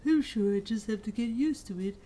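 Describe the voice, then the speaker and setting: A woman reading as an ill but cheerful father who insists he is fine, in a slightly raised, bright tone. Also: fairly high pitch, fairly quick, lightly acted, low-quality recording. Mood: dismissive. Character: sick, cheerful father playing it down.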